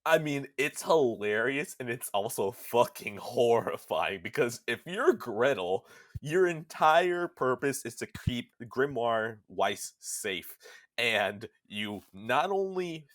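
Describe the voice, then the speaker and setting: A man chatting on a gaming podcast, telling the story with a lot of swing in his pitch and now and then slipping into goofy voices for the characters. The sound is close and dry, with no room in it. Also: animated, slow, a bit bright, no echo. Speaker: podcast host. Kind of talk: casual gaming podcast chat.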